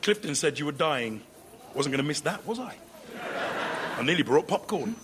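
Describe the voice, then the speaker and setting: An actor playing a prim, exasperated middle-aged son from London who manages a classical music store, in a radio sitcom. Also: male voice, on the high side, expressive, moderate pace, heavy background noise, close to an everyday voice.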